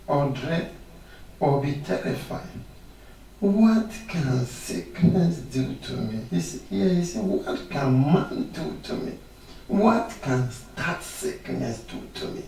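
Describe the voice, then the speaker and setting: A man's voice: medium pitch, expressive, slow pace, gravelly, dark tone, a little hiss or hum. A male pastor preaching a healing sermon, reading scripture aloud and declaring confessions of faith with rising emphasis. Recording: echoey room, mic at a distance.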